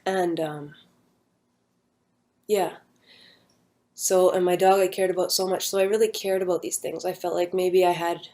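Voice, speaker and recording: A young woman casually recounting a personal near-death story, rambling with many fillers and an earnest, hushed manner. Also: on the low side, steady tone, moderate pace, pauses often.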